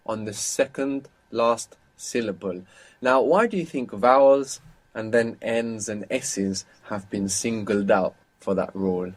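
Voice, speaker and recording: A man teaching Spanish in a live online lesson, explaining patiently and slowing down to dictate phrases. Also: mid-range voice. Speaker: Spanish tutor.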